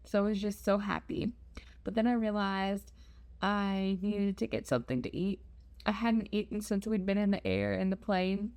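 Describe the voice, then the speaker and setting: A woman's voice: medium pitch, moderate pace, vocal fry, darkish tone. A young woman telling a travel story in a chatty, self-deprecating vlog. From United States. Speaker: travel vlogger.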